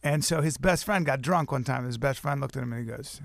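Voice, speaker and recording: Gravelly, animated male comedian storyteller. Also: mid-range voice, a little fast, dry recording. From American. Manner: animated storyteller, swearing freely, drops into gruff impressions. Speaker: guest comedian. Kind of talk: casual interview chat.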